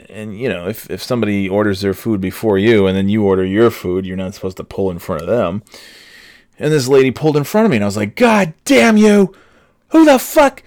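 Man, podcast host, lowish voice, dry close sound, swearing, rambling and sardonic. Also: a little mellow, no room sound. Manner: profane, sardonic, rambling with many fillers. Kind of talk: casual rambling monologue. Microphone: headphones on, podcast microphone.

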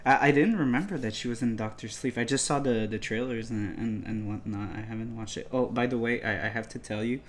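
Halting male interviewer. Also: mid-range voice, a little hiss or hum. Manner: halting, stammering, heavy use of "like". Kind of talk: casual interview questions.

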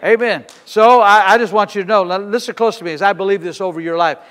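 Preaching pastor, a man with a high, bright, forceful voice, emphatic declarations, long church-hall reverb. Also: quick pace. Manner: loud, emphatic declarations with congregation. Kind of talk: sermon.

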